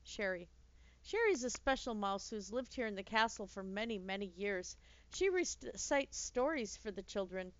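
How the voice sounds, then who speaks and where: Woman doing a sweet old nanny, chatty w a bit of bitterness, smooth voice, dull dry recording. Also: mid-range voice, lively intonation, normal speed, dry recording, natural voice. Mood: gentle. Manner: gently chatty, archaic speech, mildly bitter. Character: sweet elderly working-class female royal nanny.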